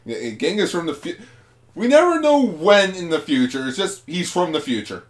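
A man's voice: sits high, sing-song, normal speed. A young man chatting casually on a podcast, chiming in with quips and laughs.

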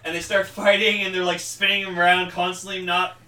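A young man with a bright, forceful voice, sitting a little back from the mic in an echoey room. He talks casually with lots of fillers and gets excitable, acting out lines as he retells a story. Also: high-pitched, brisk, far from the mic. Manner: excitable, lots of fillers, acts out quotes loudly. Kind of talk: casual podcast chat.

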